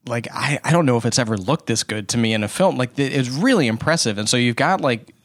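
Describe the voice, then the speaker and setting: A man co-hosting a casual film chat, speaking at a middling pitch with plenty of restarts and asides. The sound is dry and close, with no room echo. He wanders through his thoughts and backs up to correct himself. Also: fast. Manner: rambling, self-correcting, animated asides. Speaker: podcast co-host.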